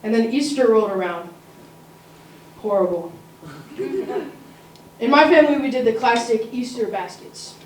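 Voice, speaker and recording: A teenage girl spins a comic personal story at a school story slam, her voice a little high. She talks casually and throws asides to the listeners. The sound is roomy and picked up from a distance, with a faint hiss underneath. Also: normal speed, a little mellow. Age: teens. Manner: comic, conversational, asides to the audience. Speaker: student storyteller. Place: school auditorium.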